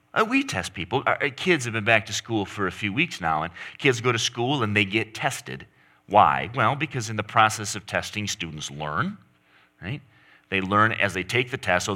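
A man's voice: on the low side, sing-song, normal speed, pushed and bright. A middle-aged man preaching a sermon, emphatic, pushing his voice up and down to stress points. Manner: emphatic, rising and falling for stress. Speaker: pastor.

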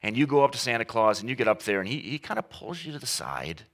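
A man preaching a sermon as pastor, talking conversationally with humor, slowing and stressing key words. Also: medium pitch, big pitch swings. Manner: emphatic, with varied pace.

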